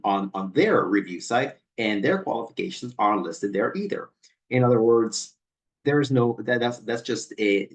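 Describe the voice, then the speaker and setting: A man who is a personal trainer, reading emails aloud and picking them apart in a skeptical, pointed way, often restarting on repeated words. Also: fairly low pitch. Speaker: personal trainer and channel host.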